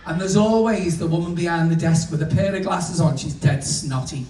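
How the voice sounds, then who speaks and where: Sweary male comedian, high voice. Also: moderate pace, hardly any pauses, darkish tone. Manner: bawdy, sweary, chatty storytelling to the crowd. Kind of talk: stand-up comedy. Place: cruise ship venue. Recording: echoey room, distant mic, noisy.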